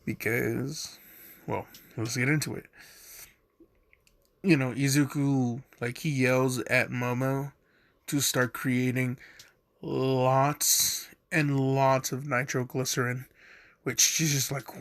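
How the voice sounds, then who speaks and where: A man's voice: mid-range voice, little pitch movement, slow, a bit bright, dry recording. A man casually telling a fan story, rambling with lots of fillers and swearing.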